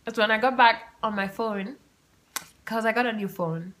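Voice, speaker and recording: A woman's voice: fairly high pitch, normal speed, a little hiss or hum. Chatty young woman podcaster. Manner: chatty and animated, frequent asides and laughter. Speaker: podcast host. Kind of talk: casual storytelling monologue. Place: home room with open windows.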